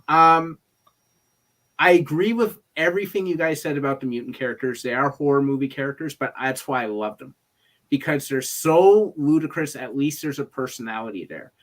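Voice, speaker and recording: A man on a movie review panel giving his pick in a casual chat, with wry, deadpan asides. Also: mid-range voice, moderate pace.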